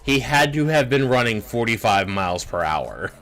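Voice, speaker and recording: A man co-hosting a livestreamed trivia game, animated and profane, tripping over restarts. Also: mid-range voice, normal speed. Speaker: trivia co-host. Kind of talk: casual livestream banter.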